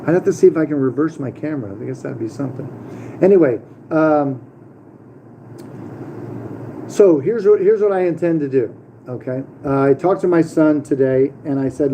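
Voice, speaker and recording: A man's voice: a little high, muffled recording, a little hiss or hum. A middle-aged man talking casually to camera as the host of his own channel, rambling with many fillers and restarts. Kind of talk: casual vlog monologue.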